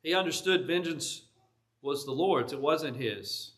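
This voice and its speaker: Brief: male preacher, high and bright, casual storytelling sermon in a church. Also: expressive, measured pace. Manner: conversational storytelling with vivid retelling.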